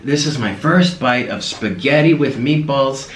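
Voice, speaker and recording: Speaking at medium pitch and a little slowly, a food vlogger makes casual mukbang conversation with the camera while eating. He's chatty and coos at his pet between bites, and the room sounds echoey with faint noise.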